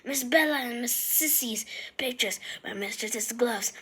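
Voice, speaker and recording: A woman voicing a bitter old male house elf servant, mostly in a hushed, croaking whisper. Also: fairly high pitch, a little slow. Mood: muttering.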